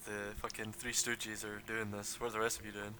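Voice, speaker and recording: Bright-voiced young man as game master. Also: on the low side, completely flat delivery, fairly quick. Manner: loose, laughing, lots of likes. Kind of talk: narrating a tabletop game.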